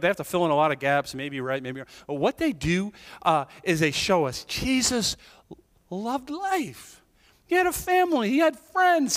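A male pastor preaching a sermon in a church, conversational and animated, with jokes and asides to the congregation. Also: fairly high pitch, long reverb tail. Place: church sanctuary.

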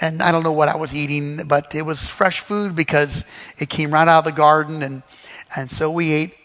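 Male preacher from the Midwest, halting delivery with restarts, pitched high, echo trailing off in a long hall. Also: a bit bright. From Missouri, US Midwest. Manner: halting, full of restarts and fillers. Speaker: Bible study teacher. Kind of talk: sermon-style storytelling.

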